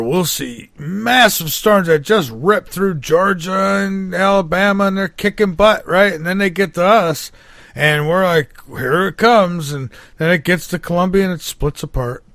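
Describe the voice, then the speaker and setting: A man's voice: on the high side, fairly bright tone, dry recording, studio quality. A man in casual chat, talking emphatically with colorful phrasing.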